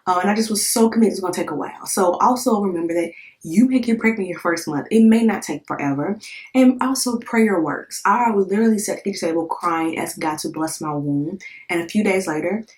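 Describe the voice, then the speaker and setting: A woman's voice: on the low side, fairly quick, darkish tone. A woman in her thirties, a vlogger, telling her personal story in a candid, emotional, conversational way, with lots of fillers and repeated words. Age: 30s. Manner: emotional, candid, swears in quoted thoughts. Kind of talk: casual storytelling to camera.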